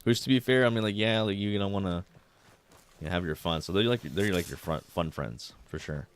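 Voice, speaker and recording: A man's voice: sits low, fairly quick, a little hiss or hum. A man in his thirties streaming a game, chatting casually in a rambling, laid-back way, swearing often and dropping in Spanish words. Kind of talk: casual chat while gaming.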